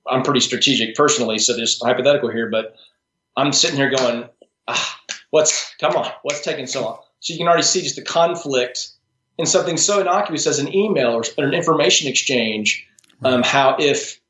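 This strengths coach, a podcast interview guest, has a medium-pitched, brisk, fairly bright voice, with a little hiss or hum on the track. The sound is roomy, dull, and lo-fi, and he speaks thoughtfully and casually, frequently restarting and adding asides.

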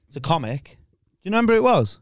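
A man's voice: fairly high pitch, sing-song, rapid-fire, no room sound, clean studio sound. A man, a stand-up comedian, telling stories in a casual chat, laughing often and swearing.

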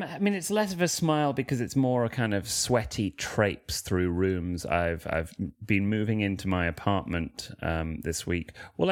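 A man with a Mancunian accent, a comedian guest telling wry, rambling anecdotes in casual chat. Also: sits low. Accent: Mancunian English. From Manchester, England. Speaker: guest, comedian and freestyle rapper.

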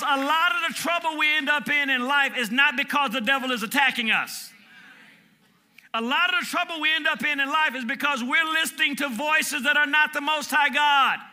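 A man in his fifties preaching a sermon from Michigan, shouting call-and-response lines and chanting repeated words. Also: very high-pitched. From Michigan, USA. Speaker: pastor.

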